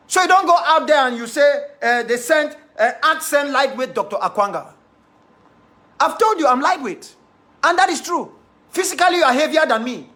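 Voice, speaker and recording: Defiant Cameroonian man, high bright voice. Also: animated, normal speed. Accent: Cameroonian English. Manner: defiant, emphatic, repeats key phrases. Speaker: activist leader addressing followers. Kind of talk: impassioned monologue.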